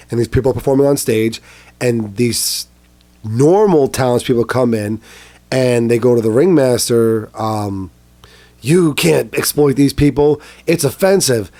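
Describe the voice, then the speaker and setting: A man as a podcast guest in casual chat, retelling scenes with lively quoted voices. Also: mid-range voice, measured pace. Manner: animated retelling, acting out quotes.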